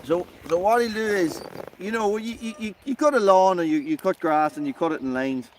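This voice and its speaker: Fairly quick in his speech, a man chats aimlessly with viewers during a relaxed live stream beside a campfire, now and then talking to his dog in an excited, high tone. The recording carries a faint hiss or hum.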